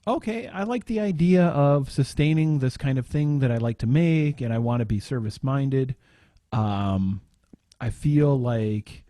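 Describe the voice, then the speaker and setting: A man's voice: medium pitch, dark tone, no room sound, studio quality. A man co-hosting a podcast, speaking hesitantly and searching for words with many ums in casual conversation. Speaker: podcast co-host.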